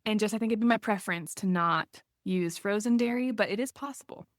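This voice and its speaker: A woman's voice: mid-range voice, a little fast, no room sound, clean studio sound. A woman co-hosting a podcast, chatting casually and rambling a little, with frequent likes and ums. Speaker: podcast co-host.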